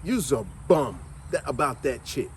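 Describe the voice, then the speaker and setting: A man, hosting a casual vlog and telling a family story in a lively way. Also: medium pitch, measured pace, slight background noise. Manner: lively, animated, laughs while telling. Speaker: vlog host.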